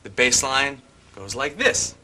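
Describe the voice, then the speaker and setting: An older man teaching drum parts step by step, explaining calmly and humming bass lines as he goes. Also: slow pace. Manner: methodical, hums bass lines as syllables. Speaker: drum instructor. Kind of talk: instructional explanation with count-ins.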